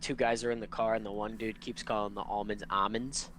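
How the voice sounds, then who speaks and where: Low-voiced young man joking deadpan. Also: quick pace, slight background noise. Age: young adult. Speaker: podcast co-host. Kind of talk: casual chat.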